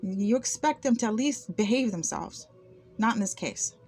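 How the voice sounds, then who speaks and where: A woman's voice: on the high side, animated, normal speed, darkish tone, breathy edge, soft background music. A woman talking to camera in an unscripted vlog monologue, aggrieved and often repeating words and restarting. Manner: aggrieved, with frequent word repetitions and restarts. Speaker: vlogger recounting personal experiences.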